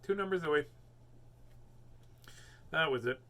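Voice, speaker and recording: A male host chats casually from home before reading children's books. His voice is bright and forceful at a middle pitch, and he rambles between jokes and filler words. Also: lively intonation, moderate pace. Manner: rambling, jokey, many fillers. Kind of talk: casual chat.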